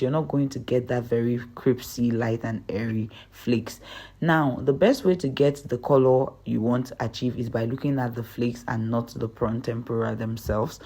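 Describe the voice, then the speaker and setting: With a bass voice that's a little mellow, a young woman narrates a recipe tutorial for her cooking channel. She's chatty and upbeat, guiding viewers step by step.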